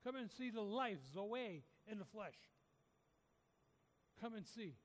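A man preaches a sermon, urging his listeners on with repeated, rising calls. His high-sitting voice is expressive and measured in pace, trailing a long reverb tail.

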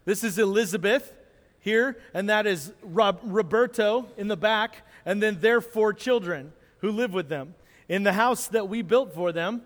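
High-voiced pastor telling a story. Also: male voice, a little slow. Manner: animated storyteller, acts out moments. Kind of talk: sermon storytelling with slides. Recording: long hall reverb.

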